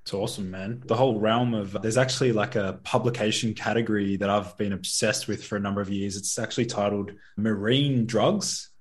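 Man, somewhat low pitch, podcast host, casual, curious. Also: steady tone, brisk, few pauses. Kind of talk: podcast interview.

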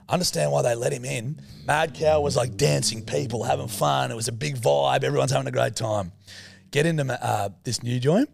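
With a medium-pitched voice marked by vocal fry, this Australian podcast co-host in his thirties talks a little fast. He tells a rowdy story in casual chat, swearing freely and imitating the people in it.

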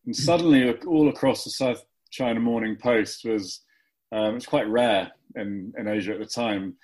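Man chatting, halting interview questions. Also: medium pitch, a little mellow. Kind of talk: casual interview chat.

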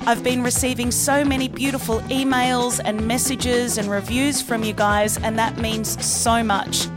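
A woman hosting a podcast, who interviews her guest and closes the episode with warm, enthusiastic praise. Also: on the high side, level tone, measured pace, loud music behind the voice. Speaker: podcast host.

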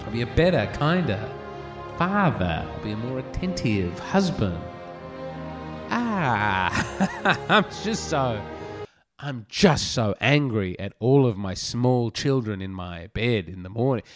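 Animated man, comic rant. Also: slow pace, over music. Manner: animated, self-mocking, swings between loud declarations and low mutters. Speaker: podcast host. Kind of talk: rambling comic monologue.

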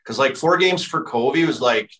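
Male former player as guest: loose, rambling storyteller with a bright, slightly distant voice. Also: medium pitch, lively intonation, normal speed. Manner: rambling, heavy use of filler "like". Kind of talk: casual storytelling chat.

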